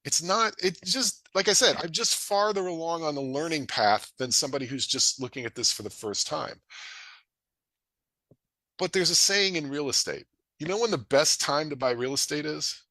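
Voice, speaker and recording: A middle-aged man with a bright, forceful voice and a slightly raised pitch. He presents to an audience in an energetic, folksy way, his pitch swinging widely as he acts out quick bits of dialogue. The sound is dry and close. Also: no room sound. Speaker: real estate investor presenting a webinar.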